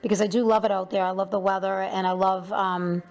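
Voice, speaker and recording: A woman's voice: medium pitch, flat delivery, a little fast, darkish tone. A woman hosting an interview show, chatting casually with many fillers and restarts.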